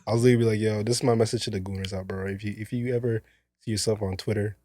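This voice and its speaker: A man co-hosting a casual podcast chat, calm and low-key. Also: rapid-fire. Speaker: podcast co-host.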